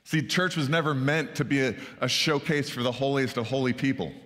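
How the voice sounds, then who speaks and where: Long reverb from a church sanctuary surrounds this man's brisk, mid-range voice with its fairly bright tone. He's a pastor preaching conversationally, frequently checking in with the congregation through "right?" asides.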